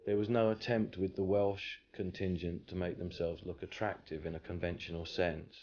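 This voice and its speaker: A man reminiscing in an interview, speaking deliberately with ums and uhs. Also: sits low, little pitch movement, a little mellow, dull audio, slight background noise. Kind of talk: measured reminiscing.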